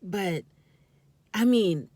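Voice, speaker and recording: Animated woman reviewing reality TV, dry sound. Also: medium pitch, drawn-out words, dry recording. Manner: animated, scolding, talks straight to the people on the show. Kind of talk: casual commentary.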